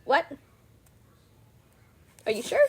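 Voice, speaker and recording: A woman doing a blunt young soldier guy, kinda guarded, loud protests in a casual vlog retelling. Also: drawn-out words. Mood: doubtful. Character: young rebel officer, blunt and guarded, man.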